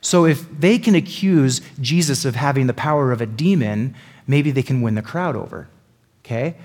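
A man's voice: medium pitch, moderate pace, darkish tone. A man giving a casual Bible teaching, chatty and full of asides that check in with his listeners. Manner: chatty, lots of "like" and "right?" asides.

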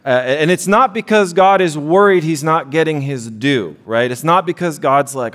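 Speaking at a moderate pace with hardly any pauses, a man in his thirties preaches in a fairly high, slightly bright voice. He's a pastor who stays conversational and self-deprecating, with frequent "right?" asides, and the sanctuary adds long hall reverb.

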